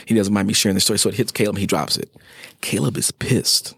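Former teacher recounting a story, fast and gravelly, animated. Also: male voice, on the low side, dry recording, studio quality. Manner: animated, acts out quoted voices. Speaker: former fourth grade teacher, guest. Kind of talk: storytelling in an interview.

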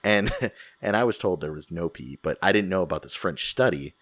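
A man with a very deep, husky voice jokes crudely in a laid-back casual chat. His voice is close and dry, with no room sound around it. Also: expressive, normal speed, fairly bright tone, no room sound.

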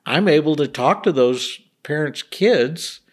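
His fairly high-pitched voice is animated but measured in pace as this middle-aged man, a grieving father, tells earnest stories in a casual interview. He acts out the voices of the people he quotes.

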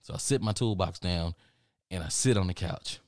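A man's voice: low-pitched, normal speed, darkish tone, dry recording, studio quality. A young man casually telling a long personal story, rambling and profane, laughing at himself as he goes. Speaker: podcast host.

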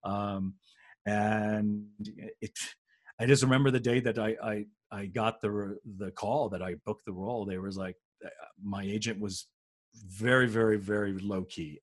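Husky man telling stories. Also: fairly low pitch, a little slow. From United States. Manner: animated anecdotes with frequent restarts. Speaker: podcast co-host. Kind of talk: casual storytelling.

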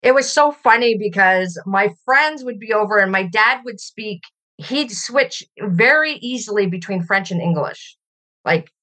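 A woman's voice: medium pitch, animated, measured pace. A middle-aged woman from Canada, a podcast guest speaking reflectively in a conversational interview. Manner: reflective and warm, laughs while telling stories.

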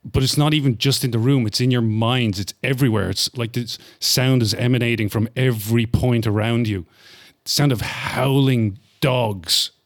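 A man narrating a tabletop horror game as game master, describing events slowly to build dread. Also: medium pitch, fairly even intonation.

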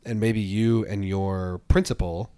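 A man's voice: fairly low pitch, steady tone, measured pace, mellow, smooth, no echo. A man co-hosting a podcast, talking casually about politics with lots of "like" and "right" fillers. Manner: conversational, many fillers like "like" and "right". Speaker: podcast co-host.

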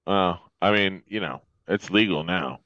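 A man's voice: low voice, a little slow, a bit bright, dry recording. A man from Florida chatting casually as a podcast co-host, rambling, swearing freely and laughing often. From Florida, USA. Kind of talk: casual chat. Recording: dull lo-fi sound.

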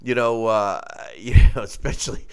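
A middle-aged man hosting a casual talk show, animated and quick to act out other people's voices. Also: smooth. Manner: animated, acts out quoted voices in mock falsetto.

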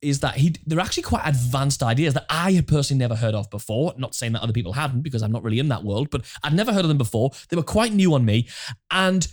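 A man's voice: mid-range voice, fast talker. A man co-hosting a marketing podcast, talking in a casual, jokey way and often repeating words as he gets going. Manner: animated, jokey, repeats words when starting. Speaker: podcast co-host.

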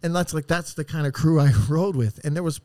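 A man with a fairly high voice talks as a podcast guest and rambles through stories in streetwise slang. He swears freely. The recording is dry, with no room sound. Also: fast talker, mellow, no echo. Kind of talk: casual storytelling.

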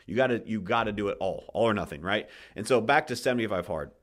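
A man's voice: on the low side, lively intonation, quick pace, fairly bright tone. A man hosting a podcast, talking casually and passionately, swearing often and restarting his sentences, getting emotional as he tells his story. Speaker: podcast host.

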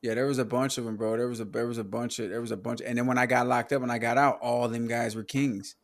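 A man in relaxed podcast chat, reminiscing with drawn-out fillers. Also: mid-range voice. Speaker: podcast guest. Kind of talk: casual chat.

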